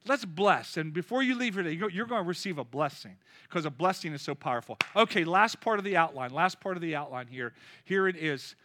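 A man in his fifties preaching a lively, joking sermon with call-and-response. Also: a little high, a little fast. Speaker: pastor.

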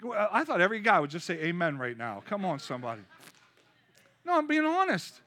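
A man in his fifties preaching a lively, joking sermon with call-and-response. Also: sits high, fairly quick. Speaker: pastor.

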